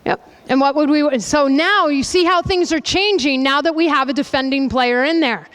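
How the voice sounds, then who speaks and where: A woman soccer coach leading a goalkeeping demonstration with players, brisk and directive, checking in with a constant "okay?" and loudly calling out commands. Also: high-pitched. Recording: reverberant hall, voice from a distance.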